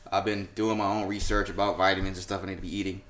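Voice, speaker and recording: A man co-hosting a podcast, talking in loose, profane banter and laughing as he goes. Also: quick pace. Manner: animated, laughing, profane banter with sudden jumps in pitch and volume. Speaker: podcast co-host. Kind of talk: casual chat.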